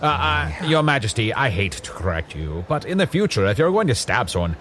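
A self-important wizard, played by a man, stammers through stiff, old-fashioned phrases with a very lively, up-and-down pitch. Faint noise lies behind him. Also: brisk. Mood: formal. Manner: stammering, mock-archaic and formal. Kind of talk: improvised comedy role-play.

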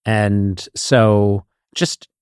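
A man in his sixties hosting a podcast in casual chat, talking haltingly with many fillers and restarts. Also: lowish voice, fairly even intonation, a little mellow, smooth, no room sound, studio quality. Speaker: podcast host.

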